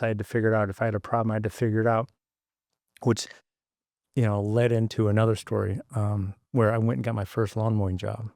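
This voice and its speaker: A man's voice: on the low side, darkish tone, dry recording, clean studio sound. A man in his sixties from Michigan, a podcast guest rambling through memories of his childhood with many asides. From Michigan, United States. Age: 60s. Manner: rambling, many fillers and restarts. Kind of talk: reflective storytelling.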